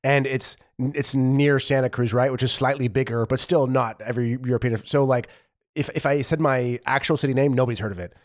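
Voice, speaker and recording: A man's voice: mid-range voice, steady tone, fairly quick, no room sound, clean studio sound. A man from California in his thirties, chatting casually as a podcast co-host, rambling with lots of fillers and restarts. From California, USA. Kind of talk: casual chat.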